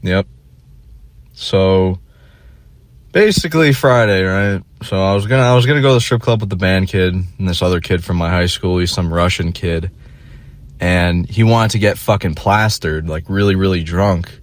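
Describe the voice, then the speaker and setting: A man's voice: sits low, normal speed, dry recording. A young man telling a rambling, profane story in a casual monologue, full of fillers and restarts. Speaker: vlogger.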